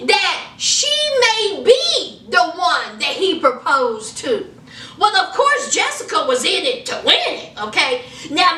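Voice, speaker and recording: A woman with recaps a reality show like gossip with a friend, dramatic and animated, slipping into the people she quotes. Her voice is very high and bright. She sits a little back from the mic in a roomy, echoey space. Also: far from the mic. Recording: echoey room, somewhat off mic.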